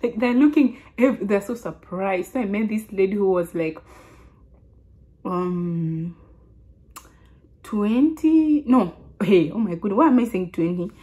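A Kenyan woman in her twenties telling a casual story to her vlog audience, chatty and animated, often restarting her sentences. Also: mid-range voice, normal speed, muffled recording. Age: 20s. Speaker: vlogger.

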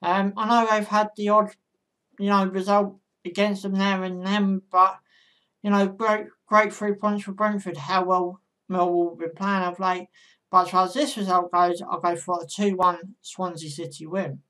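A woman's voice: mid-range voice, little pitch movement, normal speed, a bit bright. A woman vlogger giving casual football predictions in a chatty monologue, talking straight to her viewers.

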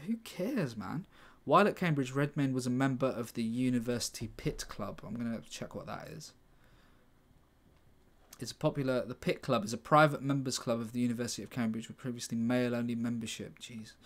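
A man's voice: mid-range voice, fairly quick, a bit bright. A man writing and thinking aloud in a casual way, reading pages aloud with sarcastic, muttered asides. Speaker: writer.

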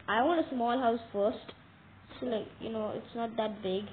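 A woman giving casual game commentary, talking straight to viewers with excitable, dramatic alarm. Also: on the high side, normal speed. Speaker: gameplay commentator. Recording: tinny phone-like audio with faint noise.

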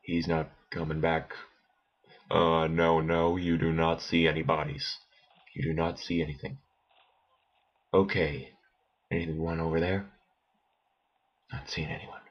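Low husky man muttering game commentary. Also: level tone, a little slow, pauses often, lo-fi sound. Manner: muttering to himself, bursts of alarm at enemies. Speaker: gameplay commentator. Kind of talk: let's play commentary.

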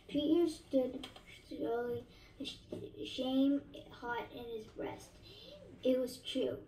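A woman reads a novel aloud in a steady way, fixing small slips as she goes. Her voice is mellow and pitched somewhat high. She sounds off-mic in an echoey room. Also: slow pace, recorded from a distance. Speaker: narrator.

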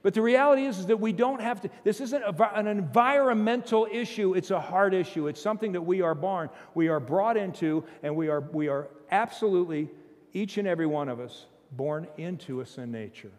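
A man preaching a sermon as pastor, emphatic, swinging from loud bursts to low, intense passages, with humorous asides and chuckles. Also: brisk, big-room sound. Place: church sanctuary.

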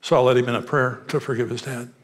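A man's voice: mid-range voice, steady tone, fast talker. A man preaching as a pastor, telling personal stories in an earnest, direct way.

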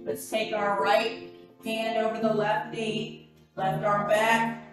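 Woman fitness instructor, very slow and unhurried delivery, counting reps, very echoey room, faint music behind. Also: mid-range voice, little pitch movement, far from the mic. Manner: counting reps and giving short cues. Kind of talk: workout class instruction.

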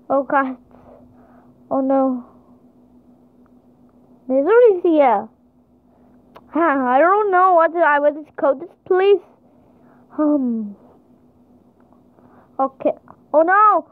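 Woman gamer, very high voice, slow halting delivery, panicky exclamations, tinny phone-like dry sound. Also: no room sound. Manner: excitable, frequent panicked exclamations. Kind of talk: panicked gameplay commentary.

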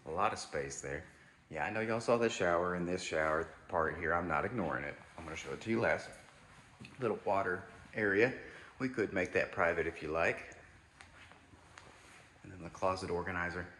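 A man's voice: low voice, normal speed, pauses often, a bit bright, a little hiss or hum. A man giving a casual, enthusiastic walkthrough of a new house, talking to viewers as y'all. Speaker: home tour host. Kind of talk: walkthrough home tour narration.

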